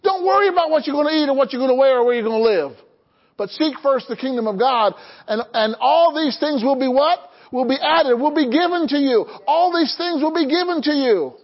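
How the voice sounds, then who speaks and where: Very high-voiced preaching man. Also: normal speed, muffled recording. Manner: call-and-response preaching, asks the congregation to answer. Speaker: pastor. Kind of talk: sermon.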